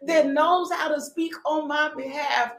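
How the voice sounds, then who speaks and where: A woman preaching a passionate sermon, shouting, laughing and close to tears as she talks. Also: high voice, fairly even intonation, measured pace. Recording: echoey room with faint music.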